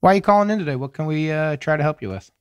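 A man's voice: on the high side, animated, very fast, clear, resonant tone, muffled recording. A man hosting a comedy advice podcast from Chicago, chatting loosely and laughing often with a caller. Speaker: podcast co-host. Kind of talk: casual comedic chat.

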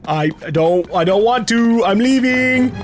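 A man's voice: extremely high pitch, lively intonation, unhurried, music in the background. A man giving gameplay commentary, swearing freely and yelping and laughing in panic. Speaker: let's play host.

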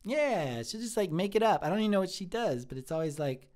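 This improvised live-stream comedy bit features a man voicing a sweet, timid cook in his thirties. His voice is high and his pace fairly quick, and the character rambles on earnestly, easily flattered.

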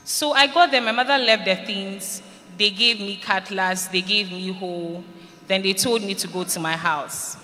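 Speaking to students at a school event in a big, echoing hall, a Ghanaian woman tells her personal story earnestly and acts out quoted lines. Her tone is bright and forceful, her pitch medium, her delivery unhurried, and faint noise sits under the recording.

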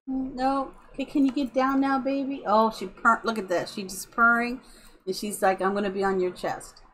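A middle-aged woman chatting slowly while streaming a building game at home, talking sweetly to her cat. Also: on the high side, a little hiss or hum, poor audio. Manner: slow and chatty, cooing baby talk to her cat. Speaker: live streamer. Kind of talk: casual game-stream chat.

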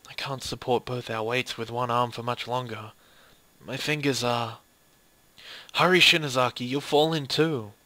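A man's voice: mid-range voice, fairly even intonation, normal speed, bright, forceful tone, dry recording, lightly acted. A man voicing a caring, protective young female teacher in a horror game playthrough, urgent and commanding.

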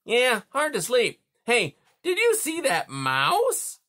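A man voicing a grumpy high beaver woman. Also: wildly swooping pitch, slow, pushed and bright, exaggerated voice. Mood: grumbling. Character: grumpy female beaver, irritable and tough. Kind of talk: storybook read-aloud.

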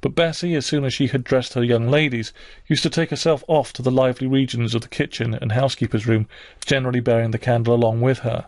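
A man's voice: mid-range voice, steady tone, fast talker, a little mellow, no room sound, clean studio sound. Man reading a classic novel aloud. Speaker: audiobook narrator. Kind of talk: scripted narration.

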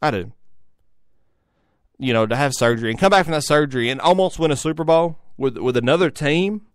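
A man's voice: fairly high pitch, fairly quick, no echo, clean studio sound. A young adult man, hosting a solo sports talk show, rambling with frequent restarts and repeated words. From Tennessee. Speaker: sports radio host.

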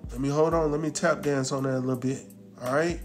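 A man's voice: mid-range voice, steady tone, quick pace, faint music behind. A man casually recapping a drama episode, acting out the characters' lines and talking back to them. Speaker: TV recap host.

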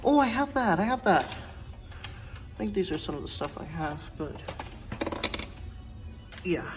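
A woman's voice: on the low side, sing-song, slow, loud music behind the voice. Gushing young woman vlogger. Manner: rambling and enthusiastic, many fillers; drops to a hush at times. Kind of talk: excited vlog commentary. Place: indoor train museum.

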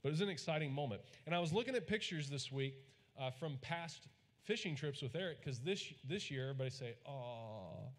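With a fairly high, expressive voice and a quick pace, a Texan pastor delivers a folksy, story-driven sermon and leads the congregation in repeating lines. The recording carries the long reverb of a large church hall.

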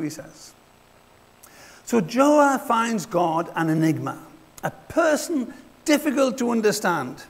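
A man preaching in a church, his voice high and animated, sliding up and down as he talks. He has a gravelly edge to his tone and often acts out short dialogues. A long reverb from the hall trails after his words. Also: takes it slowly, long pauses. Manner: conversational, acts out little dialogues. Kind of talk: sermon.

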